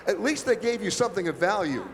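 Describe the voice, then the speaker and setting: Man, high-pitched, wry storyteller on a panel, echoey expo hall, faint hum behind. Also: big pitch swings, fast talker. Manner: wry, anecdotal, punchy delivery. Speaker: travel expert panelist.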